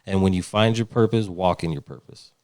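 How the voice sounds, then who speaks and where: A man's voice: deep voice, brisk, darkish tone, dry recording. A man who is a guest on a casual podcast, speaking earnestly and sincerely in short statements.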